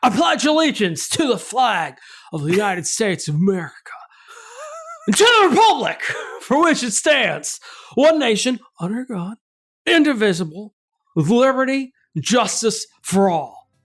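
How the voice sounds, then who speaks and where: A man doing an erratic, shouting impression of a famous male film actor on a comedy podcast. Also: sing-song, measured pace, heavily acted. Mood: over-the-top. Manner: erratic pitch jumps, sudden shouting.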